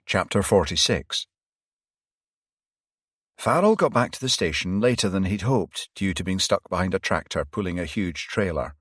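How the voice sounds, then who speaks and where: Low-voiced man narrating an audiobook. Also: lively intonation, normal speed, fairly bright tone, husky, no room sound, clean studio sound. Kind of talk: scripted narration.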